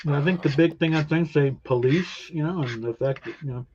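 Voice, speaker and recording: A man's voice: a little high, brisk, darkish tone, muffled recording, a little hiss or hum. A man co-hosting a casual chat, rambling and filling his talk with "you know".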